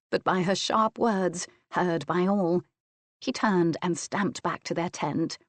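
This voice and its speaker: Woman narrating an audiobook, low and dry. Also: dry recording. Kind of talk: scripted narration.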